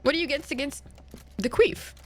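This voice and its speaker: A woman's voice: high voice, brisk. A young woman streaming a game, chatting casually with a friend, joking crudely and swearing freely. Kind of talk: casual gameplay chat with a co-op partner.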